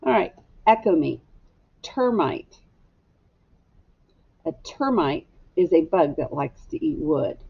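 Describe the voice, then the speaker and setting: A woman's voice: low-pitched, sing-song, moderate pace, creaky, breathy edge. A woman teaching a phonics lesson to young children, patiently asking them to repeat words after her. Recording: slightly dull lo-fi recording.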